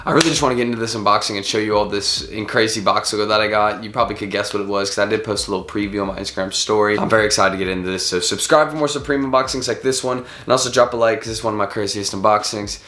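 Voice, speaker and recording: Fast-talking young man, sick voice. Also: fairly low pitch. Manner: excited, slangy, rambling. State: sick, hoarse-sounding. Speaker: vlogger. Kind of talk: casual unboxing vlog.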